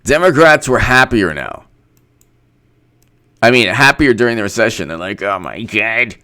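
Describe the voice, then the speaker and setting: A male political commentator speaks off the cuff in a sarcastic, mocking tone and breaks into laughter often. His voice is smooth and resonant, and his pitch rises and falls a great deal. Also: very animated, moderate pace, pushed and bright, dry recording.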